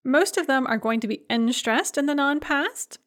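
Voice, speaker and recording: A woman with a slightly high voice teaches a recorded grammar lesson. She is clear and methodical and walks through each verb form in careful, orderly lists. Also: normal speed, fairly bright tone. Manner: clear, methodical, drilling word forms in lists. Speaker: language teacher.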